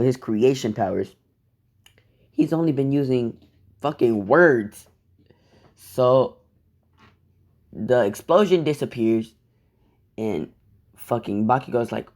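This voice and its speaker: A man's voice: medium pitch, animated, a little slow, pauses often, a little mellow. Brief: casual male storyteller, rambling, profane, laid-back delivery. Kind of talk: casual fan-fiction storytelling.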